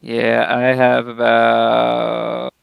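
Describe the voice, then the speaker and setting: A man's voice: mid-range voice, monotone, very slow, creaky, clear, resonant tone, no echo. A man playing in a tabletop game, chatting in a joking, laid-back way. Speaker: player. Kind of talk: casual chat at a tabletop game.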